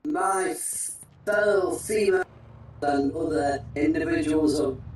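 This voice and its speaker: A man's voice: on the high side, takes it slowly, distant mic, soft background music, poor audio. A man co-hosting a gaming stream, joking energetically and rambling through tangents. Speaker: co-host. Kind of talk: casual let's-play chat.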